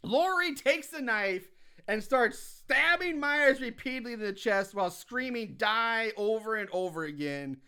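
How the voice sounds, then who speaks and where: Animated high-voiced man recapping a film. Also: normal speed, clear, resonant tone. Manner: profane, laughing, acts out quotes with big swings. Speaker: podcast co-host recapping a film. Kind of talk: casual chat.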